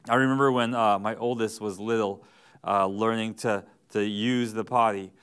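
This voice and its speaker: A man in his thirties gives a relaxed sermon in a church, trading stories from home for plain teaching. His voice is smooth and clear at an ordinary middle pitch, and he often restarts his sentences as he talks. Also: moderate pace. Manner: conversational, with stammered restarts and homely family stories. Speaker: pastor.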